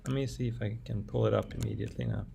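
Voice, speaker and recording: A man's voice: fairly low pitch, fairly even intonation, racing, vocal fry, mellow, slight background noise. A man giving a university lecture, thinking aloud with frequent fillers and restarts. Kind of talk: classroom lecture. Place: lecture room.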